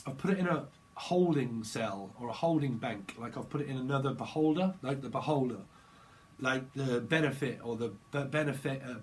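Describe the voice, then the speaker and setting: A man's voice: mid-range voice, a little hiss or hum, poor audio. A man giving a rambling tarot reading, free-associating from word to word. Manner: rambling, free-associating, breaks into laughter and voices. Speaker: tarot reader.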